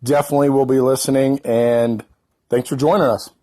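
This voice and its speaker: Man with a mellow voice leaving a friendly upbeat voicemail. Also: mid-range voice, flat delivery, a little fast. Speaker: caller. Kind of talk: voicemail message.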